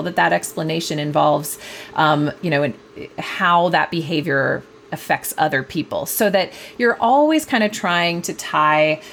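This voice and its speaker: Low gravelly-voiced woman explaining thoughtfully. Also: a little hiss or hum. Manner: thoughtful, many fillers and restarts. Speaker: guest author, parenting expert; mother. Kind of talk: conversational interview answers.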